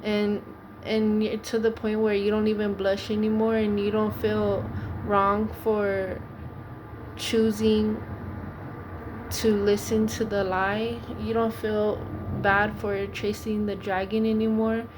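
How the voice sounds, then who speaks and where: Casting: woman preacher, earnest and pleading, steady narrow pitch, noisy recording. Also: slow. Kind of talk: informal preaching monologue.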